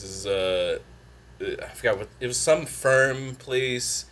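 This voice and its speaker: A man's voice: fairly low pitch, background noise. A man co-hosting a podcast in casual chat, swearing a lot and laughing often. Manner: profane, laughing, quick asides. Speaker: podcast co-host.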